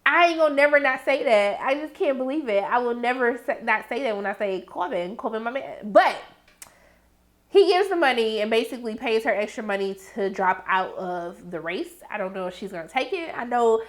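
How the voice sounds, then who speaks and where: Animated high-voiced woman recapping a show. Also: brisk. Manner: animated, dramatic quoting and asides. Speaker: TV show reviewer. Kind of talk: casual recap commentary.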